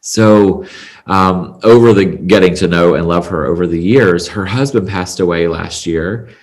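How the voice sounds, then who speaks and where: A man's voice: deep voice, measured pace. A man who owns a salon, a guest on a podcast, telling a heartfelt story in an earnest, chatty way full of fillers. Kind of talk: conversational storytelling.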